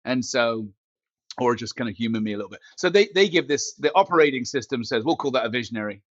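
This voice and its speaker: A man with a mid-range voice talks fast as a guest on a casual podcast, where he's a company CEO telling jokey, animated stories full of asides. The recording is muffled with no echo, picked up by a headset mic built into his glasses.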